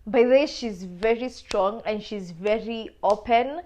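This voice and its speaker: A young woman with a Kenyan accent telling a personal story on a podcast, animated and casual, mixing in Swahili slang. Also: mid-range voice, a little slow. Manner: animated, switches between English and Swahili slang.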